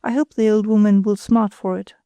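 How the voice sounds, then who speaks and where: A woman's voice: medium pitch, level tone, fairly quick, dark tone, no echo, natural voice. A woman reading the part of a young man, a blunt and scornful brother.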